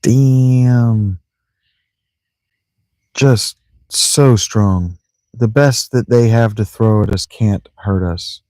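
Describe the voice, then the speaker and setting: A man with a lowish voice chatting his way through a video game, rambling and joking to himself and mangling words for fun. He talks from a sleeping bag in a tent. The sound is dry and close. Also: extremely slow, long pauses, darkish tone, no room sound. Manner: rambling, joking self-talk with playful mispronunciations. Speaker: let's play streamer. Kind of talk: casual gameplay commentary.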